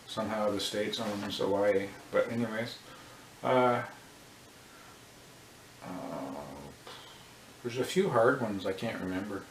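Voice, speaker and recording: A man's voice: on the low side, distant mic. A man vlogging in a casual joking monologue, rambling and thinking aloud with a self-mocking manner. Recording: roomy echo with faint noise.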